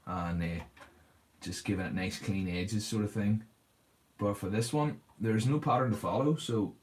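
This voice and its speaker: Chatty man hosting a hobby livestream. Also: lowish voice. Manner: chatty, answers viewers' comments, laughs often. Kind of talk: casual livestream chat while painting.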